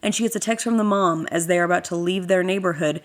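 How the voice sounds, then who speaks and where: A woman's voice: lowish voice, quick pace. Sarcastic woman ranting on a podcast. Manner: animated, sarcastic, many fillers. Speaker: podcast host. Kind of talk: casual storytelling rant.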